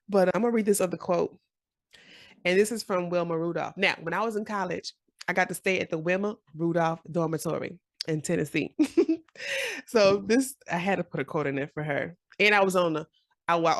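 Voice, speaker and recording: A woman in her forties giving a casual, encouraging motivational talk to camera, animated and often laughing. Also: on the low side, no echo, studio quality. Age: 40s. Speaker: journaling vlogger.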